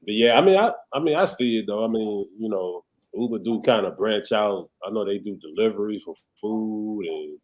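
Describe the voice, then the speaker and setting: Laid-back man with a lowish voice. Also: animated, normal speed, hardly any pauses, darkish tone, low-quality recording. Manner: laid-back slangy banter. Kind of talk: casual chat.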